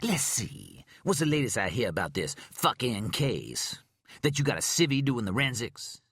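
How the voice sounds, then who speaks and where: A man's voice: medium pitch, sing-song, normal speed, a bit bright, slightly rough, no echo, clean studio sound, voice pushed up, exaggerated voice. A man voicing a sarcastic, swaggering male FBI agent in an audiobook who talks in a mocking, streetwise way.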